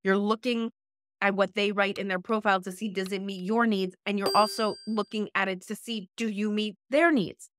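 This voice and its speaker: A woman's voice: mid-range voice, steady tone, normal speed, fairly bright tone, a little hiss or hum. A woman life coach giving direct, emphatic dating advice in a podcast interview, often repeating key phrases for emphasis. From United States. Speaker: life coach and relationship expert guest.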